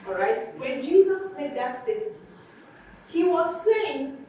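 High-voiced woman pastor preaching. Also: very animated, a little slow, dark tone, slight background noise. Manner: rising to emphatic preaching with repeated questions to the congregation. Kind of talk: sermon with call and response. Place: church hall. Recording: echoey church hall from far off.

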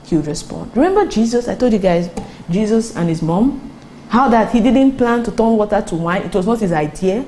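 Female preacher, warm mellow tone, animated sermon storytelling, light background hiss. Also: a little fast, low-quality recording. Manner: animated storytelling, acts out quotes with rising pitch.

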